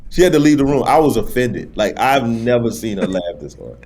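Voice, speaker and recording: A middle-aged man, a guest comedian, telling a funny family story in a relaxed podcast chat and acting out the people in it. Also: mid-range voice, fairly quick, crowd noise. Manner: animated, acts out family members in his stories.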